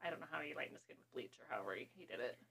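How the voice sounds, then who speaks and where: A woman's voice: a bass voice, expressive, creaky, fairly bright tone, slightly rough. A woman co-hosting a podcast, chatting casually and rambling about a movie as she watches it. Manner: rambling, quick asides, laughs. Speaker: podcast co-host.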